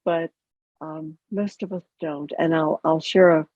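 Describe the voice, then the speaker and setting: A middle-aged woman, a chaplain and educator, giving a gentle, conversational teaching talk and acting out the inner voices she quotes. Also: low voice, fairly even intonation, a little slow, no echo. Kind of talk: guided teaching talk on self-compassion. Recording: tinny phone-like call audio.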